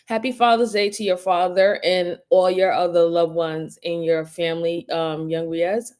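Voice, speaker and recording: A middle-aged woman hosting a casual livestream, giving heartfelt shout-outs to her viewers and turning emotional at times. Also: normal speed, clean tone. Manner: warm shout-outs, rising to high excited greetings. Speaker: livestream host.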